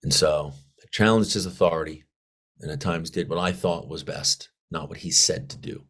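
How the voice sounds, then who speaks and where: Guest spot: deep-voiced male vet, salty, lively storyteller who acts out the dialogue. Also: moderate pace, breathy edge. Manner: animated, profane, acts out quoted dialogue. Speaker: podcast guest, Marine veteran. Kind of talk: casual storytelling interview.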